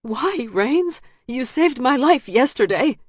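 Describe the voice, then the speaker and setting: A woman's voice: lively intonation, slow, breathy edge, no echo, studio quality, heavily acted. A woman doing a terrified, pleading young woman. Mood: frightened pleading. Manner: high, pleading, frantic. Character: terrified young woman facing her captor.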